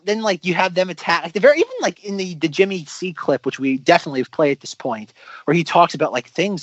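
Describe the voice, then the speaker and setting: A man co-hosting a casual film podcast, talking in a rambling, animated way and acting out mock quotes. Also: fairly high pitch, a little fast, dry recording. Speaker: podcast co-host. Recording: dull lo-fi dry podcast audio.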